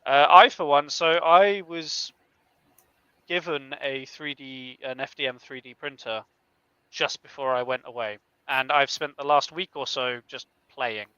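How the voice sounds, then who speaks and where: Bright, crisp-voiced stream host on a dull mic. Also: male voice, medium pitch, measured pace, no echo. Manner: upbeat, laughs often, addresses the chat. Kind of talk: casual live-stream chat.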